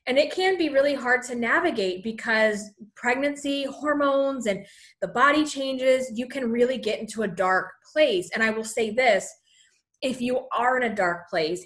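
A woman's voice: a little high, a bit bright. Chatty, encouraging pregnant woman vlogger. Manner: chatty, encouraging, frequent "you know" and "like". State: pregnant and a bit out of breath. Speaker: vlogger sharing pregnancy advice. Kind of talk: casual talk to camera.

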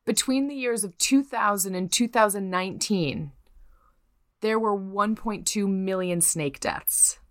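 A woman co-hosting a podcast, telling a true crime story in casual, profane chat and putting on quick voices for the people in it. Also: medium pitch, no room sound, studio quality.

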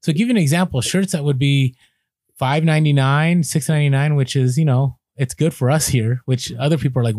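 A man co-hosting a podcast, telling stories in a chatty, animated way with lively asides. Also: mid-range voice, a little fast, no room sound, studio quality. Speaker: podcast co-host. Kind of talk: casual podcast chat.

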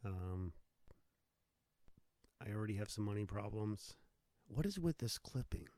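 A man's voice: lowish voice, expressive, measured pace, mellow, dry recording. Irritable swearing male host. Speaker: show host. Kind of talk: live call-in show.

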